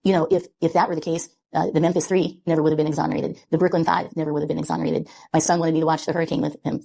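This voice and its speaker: A woman giving a public statement in an earnest, measured way. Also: sits low, flat delivery, gravelly, mellow. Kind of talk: public statement on a court case.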